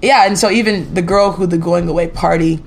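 A woman's voice: fairly low pitch, brisk, a little hiss or hum. A woman telling a story as a guest singer on a podcast interview, chatty and rambling, full of "like" and "you know".

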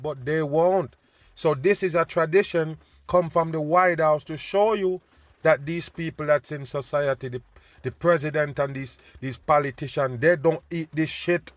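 A man giving a loud, preachy, profane rant over news clips, repeatedly addressing his listeners as people. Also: fairly high pitch, moderate pace, no echo. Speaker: host.

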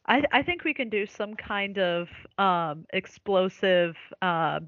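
A woman's voice: mid-range voice, lively intonation, takes it slowly, no room sound. A woman guest on a podcast in casual chat, telling stories with dry humor. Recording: dull, lo-fi, dry podcast audio.

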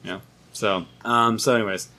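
A man, a brewer talking as a guest in a casual podcast chat, telling animated stories and laughing often. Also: lowish voice, moderate pace. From United States.

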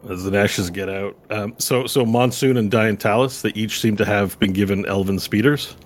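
A man's voice: fairly low pitch, normal speed. A man running a tabletop game as game master, narrating loosely with fillers. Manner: rambling with fillers and laughs.

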